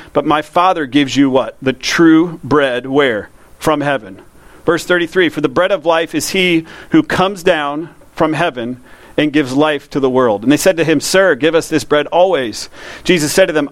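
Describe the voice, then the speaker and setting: A man, a pastor preaching a conversational sermon that slows down to read scripture. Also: a little high, dry recording.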